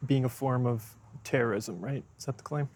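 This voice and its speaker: A man speaking as a guest in a casual conversation, measured and thoughtful as he works through ideas. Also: medium pitch, darkish tone, no room sound. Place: outdoors on a college campus.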